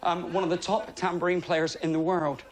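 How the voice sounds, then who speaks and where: A middle-aged man from England doing a stand-up comedy routine, chatty and self-mocking, with deadpan asides to the crowd. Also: high voice, normal speed. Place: TV studio before a live audience. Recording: loud studio audience laughter and noise.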